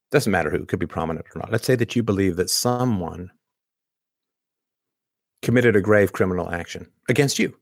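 A lower-pitched man talks straight into a close mic in a dry, dead room, with no echo at all. His host monologue rambles and restarts, and he keeps posing rhetorical questions to his listeners. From Canada. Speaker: show host. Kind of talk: casual monologue commentary.

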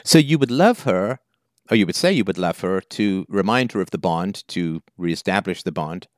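A man's voice: deep voice, expressive, moderate pace, dry recording, clean studio sound. A man hosting a call-in advice show, questioning a caller bluntly and emphatically. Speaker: call-in show host, philosopher.

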